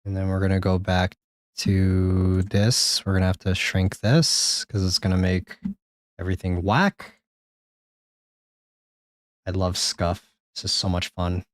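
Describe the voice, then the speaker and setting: A man streaming a game live, rambling and joking with chat, swearing now and then, with sudden high-pitched exclamations. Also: fairly even intonation, measured pace, pauses often, no room sound, clean studio sound. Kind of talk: live gameplay commentary.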